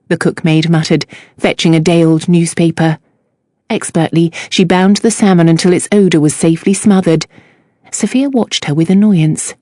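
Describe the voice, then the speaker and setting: Woman audiobook narrator, lowish voice, measured reading, very dry close recording. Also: steady tone, darkish tone, no room sound. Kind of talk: scripted narration.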